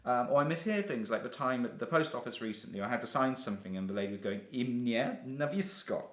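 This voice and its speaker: A man chatting casually as an interviewee, playful and animated as he acts out little exchanges. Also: mid-range voice, racing, reverberant. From United Kingdom. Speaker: interviewee, expat writer. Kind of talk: casual chat.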